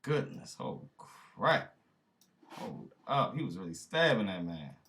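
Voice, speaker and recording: A man with a fairly low voice talks through a clip he is reacting to, his pitch leaping up and down as he goes. He sounds incredulous and casual, laughing and addressing his viewers in slang. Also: very animated, a little slow, background noise. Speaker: reaction video host.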